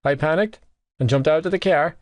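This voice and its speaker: A boisterous, tipsy young rugby player blurts everything out in a voice pushed up high above the reader's own. A man acts him out loud and overeager, recorded dry and close. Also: brisk, dry recording, lightly acted. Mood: earnest.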